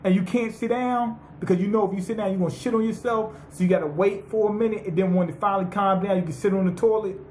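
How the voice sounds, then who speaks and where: High-voiced man in a profane recap. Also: steady tone, fast, hardly any pauses, a little mellow, slight background noise. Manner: profane, rambling, paraphrases characters in slang. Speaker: anime reviewer. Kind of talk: profane comedic episode recap.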